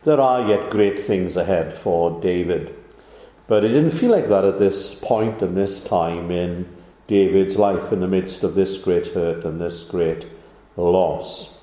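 A man preaching a sermon, measured and unhurried, pausing often with "uh" and lifting his voice for emphasis. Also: low-pitched, dark tone, roomy sound. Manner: measured delivery with frequent "uh" pauses, rising for emphasis.

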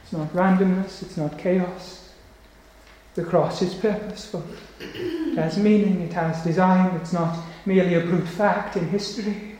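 A male preacher delivering a solemn, emphatic sermon, slowing down on key phrases. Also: high-pitched, a little mellow. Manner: solemn, emphatic, slows for weight. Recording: very echoey church hall.

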